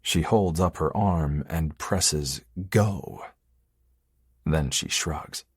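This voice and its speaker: A man narrating a romance audiobook in the first person, with a low, intimate, measured delivery. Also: breathy edge, no room sound, studio quality.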